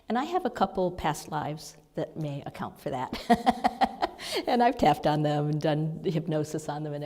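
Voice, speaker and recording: A woman giving a chatty, meandering spiritual talk to a congregation, now and then dropping to a hushed whisper, recorded in a spiritual center hall. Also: sits low. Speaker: spiritual speaker and sound healer. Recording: long hall reverb.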